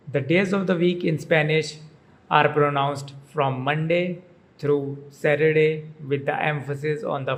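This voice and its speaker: A man teaching pronunciation at a slow, measured pace. His voice sits a little high for a man. He says each word twice, clearly and carefully. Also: poor audio. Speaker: pronunciation channel host. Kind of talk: slow, deliberate pronunciation lesson.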